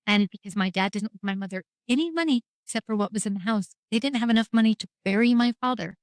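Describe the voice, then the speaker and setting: With a medium-pitched voice and no echo on the recording, a middle-aged woman shares her experience of grief as a podcast guest. Her candid storytelling is wry, frank, and rambling, full of quoted conversations.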